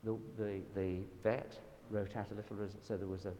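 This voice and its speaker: A man with a Southern English accent giving a church talk, telling anecdotes in a lively, self-deprecating way. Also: lowish voice, a little fast. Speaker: guest speaker at a church event. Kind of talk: storytelling sermon talk. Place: church hall. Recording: reverberant hall with faint background noise.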